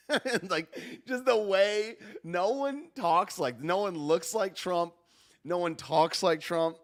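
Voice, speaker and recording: A man hosting a podcast, chatting in an excitable, rambling way, dropping 'dude' and 'man' and laughing often. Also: high voice, slow pace. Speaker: podcast host. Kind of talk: casual live-stream commentary.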